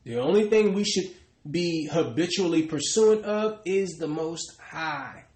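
A man's voice: a little high, animated, a little slow, darkish tone, roomy sound. A man preaching a sermon, stressing his points and calling out to the congregation again and again. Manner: emphatic, repeatedly addresses the congregation.

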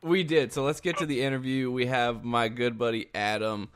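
A man's voice: medium pitch, steady tone, a crowd in the background. A man co-hosting a podcast, chatting casually and cracking jokes. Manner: joking, quick banter. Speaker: podcast co-host. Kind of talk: casual chat. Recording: loud background noise.

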